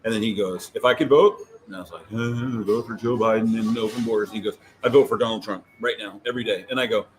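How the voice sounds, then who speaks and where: A man co-hosting a podcast, chatting casually and telling animated stories with lots of fillers. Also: fairly low pitch, fast, few pauses, slight background noise. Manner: rambling, animated storytelling with many fillers. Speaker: co-host. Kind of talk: casual chat.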